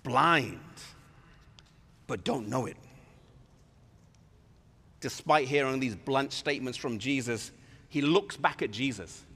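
A man preaching a sermon in an animated way, acting out scripture with voices. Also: medium pitch, slow pace, creaky, pauses often, husky. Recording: reverberant hall.

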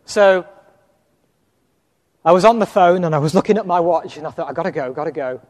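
A man's voice: a little high, brisk. A man with an English accent preaching a sermon, telling personal stories and acting out the dialogue with frequent chuckles. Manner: storytelling, chuckles often, acts out dialogue. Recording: long hall reverb.

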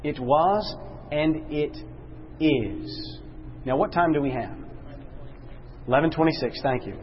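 A man leading a Bible study class, questioning his listeners and slowing down and dropping low to stress a point. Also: lively intonation, lo-fi sound, a little hiss or hum. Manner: questions the class, slows and drops low for emphasis.

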